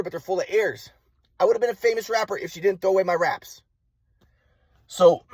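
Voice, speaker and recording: Husky young guy with a cold, highish voice, dry close sound, keeps restarting. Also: no echo. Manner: repetitive, halting restarts. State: has a cold. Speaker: vlogger. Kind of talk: rambling personal monologue.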